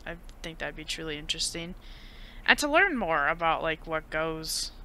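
A young woman co-hosting a gaming podcast in casual chat, animated and chatty, saying "like" often. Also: deep voice. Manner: animated, heavy use of "like", quick laughs. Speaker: podcast co-host.

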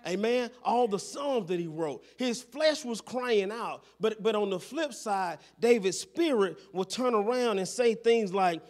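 A man's voice: high-pitched, unhurried, hardly any pauses, darkish tone. A man preaching a sermon as pastor in a church, constantly checking in with the congregation and repeating his phrases.

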